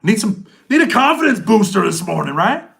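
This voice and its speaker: A man's voice: high voice, sing-song, a little fast, vocal fry, fairly bright tone. A middle-aged man hosting a casual live chat, talking in loose street slang and answering viewers' comments. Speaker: channel host.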